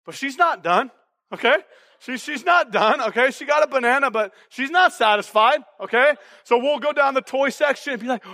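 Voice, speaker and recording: A man preaches in an energetic, conversational style, checking in with "okay?" and "all right?" after nearly every line. His voice sits very high and sounds bright and forceful. It rings with long reverb, as if filling a large church auditorium. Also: normal speed. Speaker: pastor. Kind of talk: sermon.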